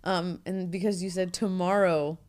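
A young woman co-hosting a casual podcast while nine months pregnant, chatty and quick to laugh. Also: fairly low pitch, steady tone, darkish tone. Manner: giggly, chatty, lots of fillers. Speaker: podcast co-host. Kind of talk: casual chat.

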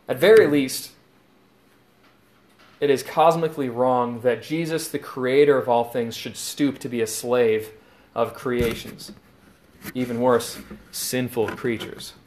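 A man's voice: mid-range voice, slight background noise. A man preaching a sermon, earnest and explanatory, retelling scenes in quoted lines.

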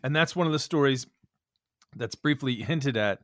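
A man's voice: medium pitch, normal speed, a bit bright, no echo. Podcast host guy asking questions, curious, laughs a bit, dry mic. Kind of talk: interview.

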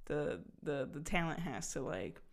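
A young woman co-hosting a casual podcast, chatty, full of fillers and quick laughs. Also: low-pitched, animated. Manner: chatty, laughs often, many fillers and restarts. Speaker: podcast co-host. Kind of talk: casual chat.

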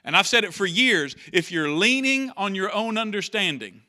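A man's voice: sits high, expressive, normal speed, sharp tone. A man preaching a sermon in church, talking conversationally, repeating key phrases and acting out quotes. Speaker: pastor.

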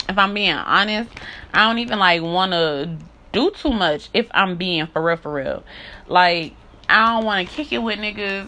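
A woman's voice: on the low side, sharp tone. A woman talking bluntly in a candid monologue, swearing often, repeating herself and building into heated rants. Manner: profane, blunt and repetitive.

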